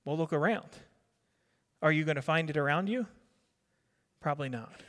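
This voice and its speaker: A man's voice: fairly high pitch, moderate pace, fairly bright tone. A middle-aged man from New Jersey preaching a sermon in a conversational way, quizzing the congregation and repeating his words. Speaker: pastor. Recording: long reverb of a hall.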